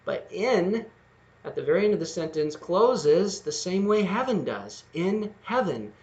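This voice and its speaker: Gravelly-voiced man teaching lyric writing. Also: high-pitched, big pitch swings, darkish tone, highs cut off. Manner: patient, explanatory, sounds words out slowly. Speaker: music teacher. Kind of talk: video lesson on lyric writing.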